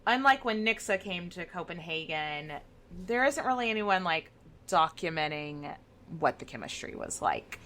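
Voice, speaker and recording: A woman's voice: fairly low pitch, very animated, moderate pace, a bit bright, slight background noise. A woman co-hosting a podcast in casual, wry chat about history. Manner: chatty, wry, swearing. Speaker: podcast co-host.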